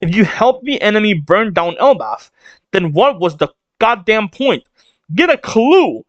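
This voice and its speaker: Streamer doing a bossy young woman yelling at her crew, high and fed up, dull dry mic. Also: very animated, unhurried, no echo. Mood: scolding. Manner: exasperated scolding. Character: fiery young woman navigator, bossy and scolding.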